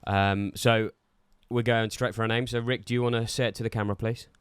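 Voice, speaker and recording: A man's voice: fairly low pitch, flat delivery, a little fast, clean tone, no echo, clean studio sound. A man co-hosting a casual chat show, musing aloud as he guesses. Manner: musing, speculative. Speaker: podcast co-host. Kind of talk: casual banter.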